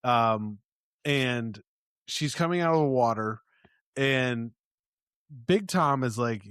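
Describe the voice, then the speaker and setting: Relaxed man in casual podcast chat. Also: medium pitch, slow, pauses often, clean tone, no room sound, clean studio sound. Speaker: podcast co-host.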